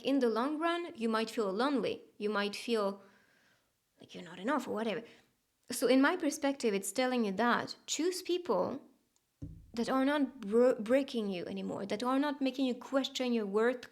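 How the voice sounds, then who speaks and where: A woman doing a casual tarot reading, talking gently and chattily, laughing often and dropping into soft whispered asides. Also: on the high side. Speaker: tarot reader.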